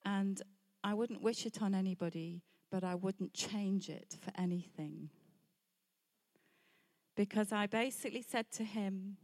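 A woman's voice: medium pitch, moderate pace, a little mellow. A middle-aged woman preacher sharing a candid personal testimony in a sermon, telling her story with light laughs between points.

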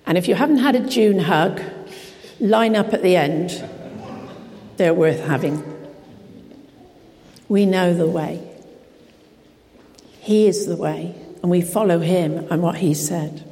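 Woman preacher, lowish mellow voice, earnest and emphatic sermon delivery. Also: takes it slowly, long pauses, in a large hall. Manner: earnest, emphatic preaching with direct questions to the congregation.

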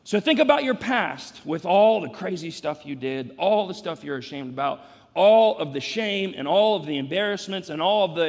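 A middle-aged male pastor preaching a sermon, swinging from hushed asides to shouts, with wry humor. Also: high voice, sing-song, moderate pace. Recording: long reverb of a big sanctuary.

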